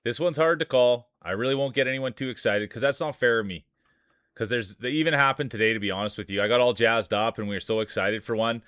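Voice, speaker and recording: A man's voice: mid-range voice, fast, fairly bright tone, smooth, no room sound. Male streamer-announcer, joking banter, resonant voice, dry close sound. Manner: playful, jokey announcer patter. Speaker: streamer hosting marble races. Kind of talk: live stream commentary.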